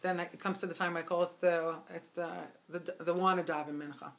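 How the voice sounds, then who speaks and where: A woman telling a Hasidic tale at a gathering, animated and chatty, with many asides and fillers. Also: fairly low pitch, brisk. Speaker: storyteller. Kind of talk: spoken Hasidic storytelling. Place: event gathering.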